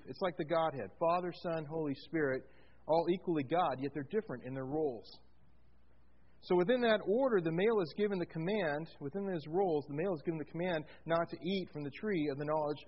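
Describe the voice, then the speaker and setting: A man's voice: sits high, husky, dull audio. A man preaching a sermon, walking his congregation through a Bible passage, putting questions to them and slipping in jokes. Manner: animated, asks the congregation questions, tells jokes. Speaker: pastor.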